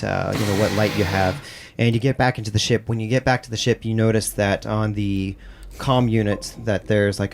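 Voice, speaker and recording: A man running a tabletop game as game master, explaining in a relaxed way with plenty of fillers. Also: on the low side, creaky.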